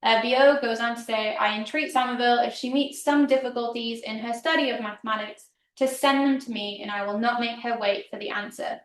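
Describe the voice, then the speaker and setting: A woman lecturer gives a public history talk, casual and chatty with frequent ums. Her voice is a little high and steady in tone, brisk with few pauses. She's far from the mic in a roomy hall.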